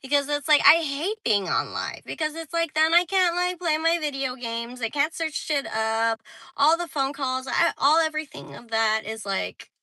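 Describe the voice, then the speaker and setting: A young woman with a squeaky voice chatting casually on a phone livestream, saying "like" often. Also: very animated, normal speed, pushed and bright, no echo, rough recording. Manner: chatty, heavy use of "like", reads viewer comments.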